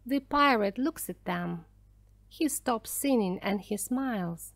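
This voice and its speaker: Slow, clear woman narrating a storybook. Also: a little high, expressive, no room sound. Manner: slow, clear, careful reading. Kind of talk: scripted narration for language learners.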